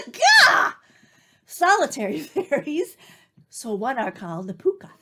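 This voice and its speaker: A woman co-hosting a show and telling folktales with a playful, drawn-out delivery. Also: high voice, wildly swooping pitch, pushed and bright. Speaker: storyteller and co-host. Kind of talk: folktale storytelling with banter. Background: guitar music.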